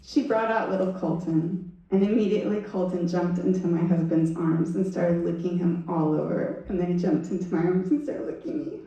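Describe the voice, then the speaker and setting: A woman giving a storytelling talk at a Sunday service, animated and laughing as she acts out what people said. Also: lowish voice, moderate pace, hardly any pauses, highs cut off. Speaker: guest speaker. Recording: echoey hall, voice from far off.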